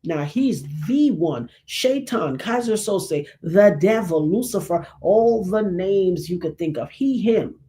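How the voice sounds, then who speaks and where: A woman's voice: on the low side, slow, hardly any pauses. A middle-aged woman hosting her own show, talking with preacher-like emphasis and acting out quotes. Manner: animated preacherly, acts out quotes. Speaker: show host. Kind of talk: casual commentary monologue.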